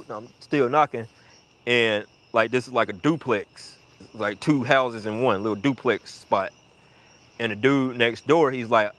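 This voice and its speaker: Male storyteller, profane and rambling, mid pitch, slides into a hushed mutter at times. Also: fairly even intonation, moderate pace. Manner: profane, rambling, acts out quoted voices in a high pitch; drops to a hushed mutter when reflecting. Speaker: storyteller on a live audio chat. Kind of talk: casual storytelling.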